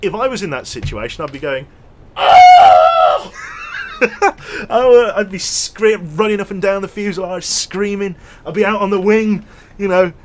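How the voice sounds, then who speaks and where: A young man casually commentating his gameplay on a livestream, chatty and quick to launch into an animated story. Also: sits high, a little hiss or hum. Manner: chatty, animated storyteller who thanks subscribers. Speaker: streamer.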